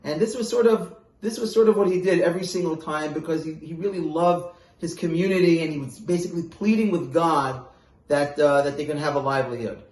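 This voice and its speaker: A man's voice: a little high, brisk, reverberant. Man casually telling a Hasidic tale. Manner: casual, with fillers, bursts of loud animation. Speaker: storyteller. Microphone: phone voice message.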